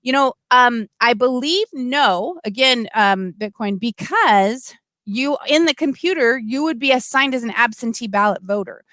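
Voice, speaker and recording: A middle-aged woman hosting a casual livestream, chatty and animated, full of asides and restarts. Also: on the high side, unhurried, no room sound. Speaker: livestream host. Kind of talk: casual livestream talk, reading comments.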